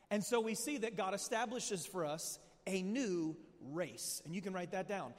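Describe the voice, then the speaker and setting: A man preaching a sermon to a live audience, emphatic and full of questions to the crowd, rising to shouts. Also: high-pitched, normal speed, few pauses. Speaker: pastor. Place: large hall with audience. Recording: long hall reverb.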